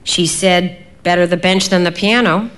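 A woman voicing a worried middle-aged father who speaks quietly and haltingly, apologizing as he goes. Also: on the low side, steady tone, lightly acted. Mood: weary.

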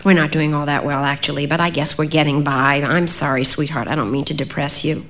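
A woman reading as a quiet, weary father. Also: fairly low pitch, natural voice. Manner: quiet, halting, apologetic. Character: weary worried father, middle-aged man.

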